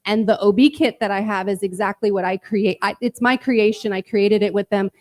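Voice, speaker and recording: A woman answers interview questions on a festival stage, speaking into a handheld mic. She talks directly and earnestly, in a confident middle-pitched voice. The recording is dry and close. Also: fairly even intonation, a little fast, a little mellow, no room sound. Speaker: paramedic and midwife instructor, guest. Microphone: handheld microphone.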